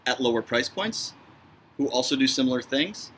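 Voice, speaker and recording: A man with a Chicago accent and a bright, forceful voice joins a laid-back whiskey review. He sits at a middle pitch and gushes in a chatty, enthusiastic way. Faint room noise hums underneath. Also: animated, moderate pace. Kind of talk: casual tasting review chat.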